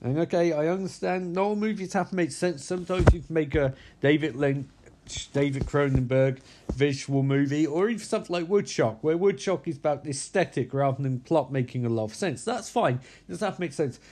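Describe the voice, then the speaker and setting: A man's voice: fairly high pitch, brisk, a little mellow, slight background noise. A tired man reviewing a movie in a casual vlog, rambling and blunt, swearing freely.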